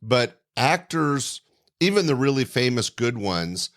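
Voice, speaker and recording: Podcast host guy, calm and reflective, thinks out loud with lots of uhs. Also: mid-range voice. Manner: measured, reflective, thinking aloud with fillers. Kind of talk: conversational interview commentary.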